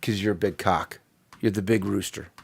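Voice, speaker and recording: A man's voice: on the low side, steady tone, normal speed, creaky, husky. A man with a New Jersey accent co-hosting a casual show, joking and slipping into mock voices. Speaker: co-host. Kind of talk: casual podcast banter.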